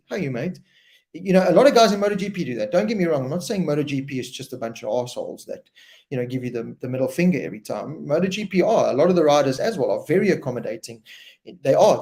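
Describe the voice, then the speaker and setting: A man hosting a casual live-stream chat, talking in a loose and animated way and often repeating words as he tells a story. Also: mid-range voice. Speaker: host.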